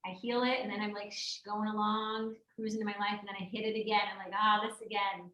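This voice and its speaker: A woman's voice: medium pitch, little pitch movement, quick pace, fairly bright tone, highs cut off. Woman presenter, live workshop talk, chatty, acts out quotes, echoey room. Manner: conversational, acts out quoted voices. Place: workshop room at a yoga studio. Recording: roomy echo.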